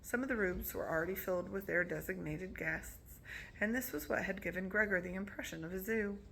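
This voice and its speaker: Gravelly, bright woman reading a novel aloud. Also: mid-range voice, a little fast, a little hiss or hum. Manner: casual, with slips and restarts. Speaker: reader.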